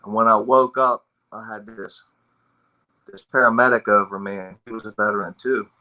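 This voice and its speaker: A man who is a veteran in recovery, speaking a personal testimony about addiction. His talk is raw and blunt, full of swearing and emotion. The voice sits on the low side yet sounds strikingly bright and forceful. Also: steady tone, moderate pace, rough recording. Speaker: military veteran in recovery sharing his story.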